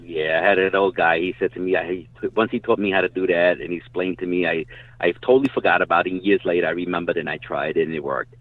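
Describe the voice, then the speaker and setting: A man's voice: sits low, fast, no echo. A man telling hunting stories in casual chat, rambling and swearing freely. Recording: dry tinny phone-like line.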